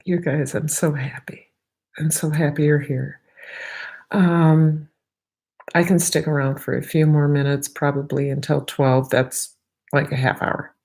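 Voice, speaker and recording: A woman's voice: low-pitched, level tone, a little slow, darkish tone. A middle-aged woman hosting a casual livestream, rambling nervously and goofily while fighting allergies. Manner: chatty, goofy, nervous rambling. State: allergies, sniffly. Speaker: YouTube livestream host. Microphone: laptop microphone.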